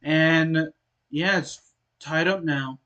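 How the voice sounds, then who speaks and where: A man casually commentating a soccer video game he is playing, explaining the score as he goes and often clearing his throat. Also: a little high, extremely slow, highs cut off. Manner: relaxed, explains as he plays, frequent throat clearing. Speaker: gaming channel host.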